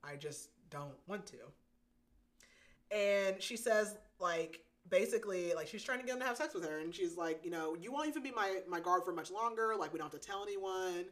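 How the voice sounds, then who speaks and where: A woman's voice: on the low side, normal speed, a bit bright. A woman hosting a podcast, casually recapping a romance novel with lots of "like" and frequent giggles. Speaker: podcast host. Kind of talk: casual book recap chat.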